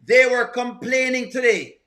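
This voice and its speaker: Bright-voiced teasing man. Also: extremely high pitch, measured pace. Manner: teasing, animated, repeats lines. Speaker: reaction commentator. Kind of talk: live reaction commentary.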